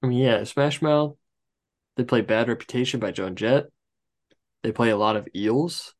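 A man's voice: mid-range voice, moderate pace. A man co-hosting a podcast, casually reviewing a movie and rambling through trivia asides. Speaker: podcast co-host.

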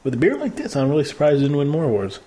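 A man's voice: on the high side, big pitch swings, very fast, warm tone. A man hosting a casual beer tasting chat, joking and describing flavors and brewery facts. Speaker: host.

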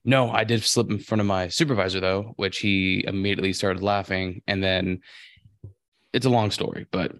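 A man's voice: low-pitched, steady tone, moderate pace, fairly bright tone, no room sound, clean studio sound. Rambling young man telling work stories. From California. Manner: rambling storyteller, heavy swearing. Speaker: podcast co-host. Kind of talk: casual podcast chat.

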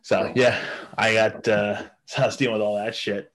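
Rambling, foul-mouthed podcast host. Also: male voice, fairly low pitch, level tone, normal speed, fairly bright tone. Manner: rambling, swears a lot, many fillers and laughs. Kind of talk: casual profane chat.

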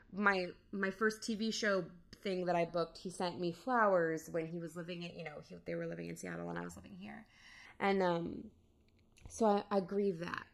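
A woman speaking as a guest in a podcast interview, reflective and candid, often pausing and restarting. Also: lowish voice. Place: in-person studio interview.

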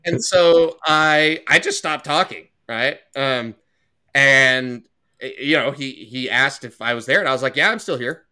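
A man's voice: medium pitch, unhurried, bright, forceful tone, clean tone. A man on a podcast telling a story in a heated, profane, casual way. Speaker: podcast co-host.

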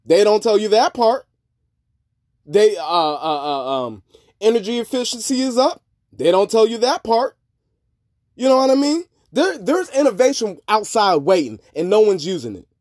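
A man hosting a podcast, talking in a rambling, profane monologue that swings between low mutters and loud outbursts. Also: big pitch swings, normal speed, no room sound, clean studio sound. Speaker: podcast host. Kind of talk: casual monologue.

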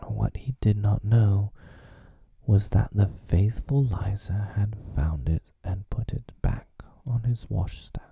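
A man reading a children's story aloud as a whispered role-play for an ASMR audience, with a gravelly whisper. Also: on the low side, slow, no echo, highs cut off.

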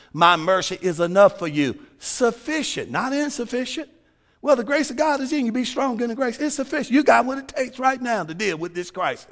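A male pastor preaching a sermon, building to shouts and sung, chanted phrases. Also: sits high.

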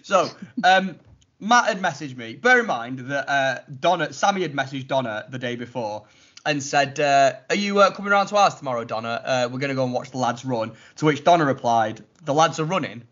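A man telling a story in a casual chat, animated and mocking, acting out what others said. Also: mid-range voice, normal speed. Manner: animated, mocking retelling with acted-out quotes. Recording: lo-fi muffled audio.

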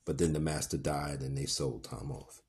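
A man reading a novel aloud and adding his own commentary, with fillers, pauses and self-corrections. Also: very deep voice, flat delivery, a little mellow. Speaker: podcast reader and commentator.

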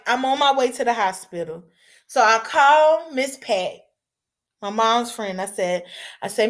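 A woman telling a personal story candidly, dropping to hushed pauses and breaking into raised outbursts. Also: on the high side.

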